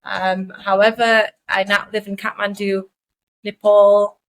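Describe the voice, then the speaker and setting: A woman from Newcastle with a softened Geordie accent, co-hosting a casual podcast and explaining things in a measured, thoughtful way. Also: medium pitch, flat delivery, poor audio. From Newcastle upon Tyne, England. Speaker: podcast co-host. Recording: recorded remotely, sound slightly off.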